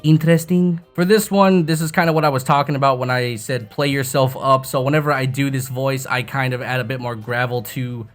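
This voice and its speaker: Laid-back, profane young man explaining software. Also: mid-range voice, fairly even intonation, fairly quick, few pauses, faint music behind. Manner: loose, profane, self-mocking chatter. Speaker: YouTube tutorial host. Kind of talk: casual software tutorial. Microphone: desk microphone with bass-boosting EQ.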